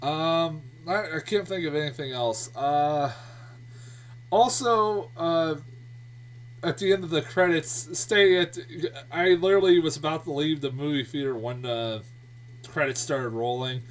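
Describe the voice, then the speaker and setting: A man's voice: on the high side, measured pace. A man giving a casual spoken movie review, rambling with lots of fillers and restarts. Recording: voice a bit distant from the mic.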